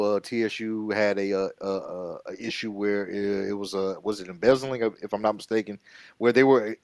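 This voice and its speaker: A man's voice: on the low side, dry recording. A man talking on a sports podcast, hesitant and full of fillers as he searches for details. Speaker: podcast co-host. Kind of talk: casual podcast chat.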